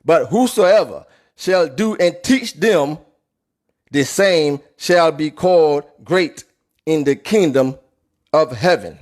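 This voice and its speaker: A man's voice: a little high, expressive, a little mellow. Emphatic New man preaching scripture. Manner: emphatic, repeats and rereads verses slowly. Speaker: Bible teacher. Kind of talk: preaching Bible lesson. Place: New York City.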